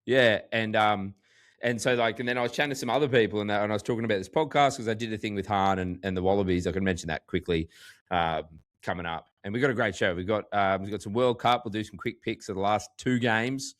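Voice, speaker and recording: A man with an Australian accent, co-hosting a podcast in casual chat, full of "like" and animated storytelling. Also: lowish voice, fast talker. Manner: chatty, heavy use of "like", animated storytelling. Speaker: podcast co-host.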